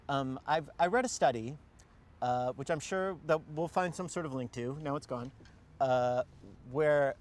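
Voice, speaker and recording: A man from Texas hosting a comedy talk show, joking in a deadpan, mock-authoritative way and laughing at himself. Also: fairly high pitch.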